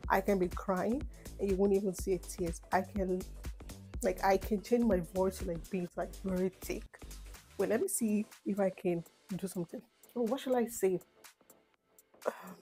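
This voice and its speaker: A woman's voice: mid-range voice, moderate pace, pauses often, breathy edge, soft background music. A young woman from Nigeria with a Nigerian accent, chatting casually in a rambling get-to-know-me vlog. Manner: chatty, rambling, animated asides. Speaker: vlogger.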